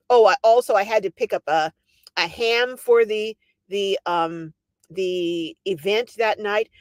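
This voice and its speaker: A woman's voice: medium pitch, dry recording. An older woman hosting a casual livestream, telling a story animatedly and reading out viewer comments. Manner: animated storytelling, laughing often. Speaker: livestream host.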